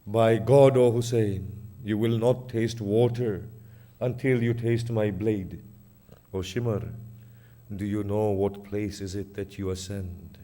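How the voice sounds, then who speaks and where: A man preacher voicing a cruel male soldier in a threatening, low manner during a sermon. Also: steady tone, takes it slowly, mellow, lightly acted. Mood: menacing.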